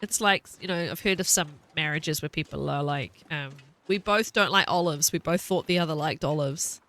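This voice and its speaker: This thirty-something New Zealand woman laughs a lot as she streams a game, chatting casually and rambling. She speaks at a normal speed in a low, fairly bright voice.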